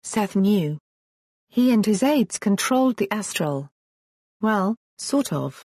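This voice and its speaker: Husky woman narrating a story. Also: medium pitch, lively intonation, slow, darkish tone, no echo, studio quality. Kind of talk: audiobook narration.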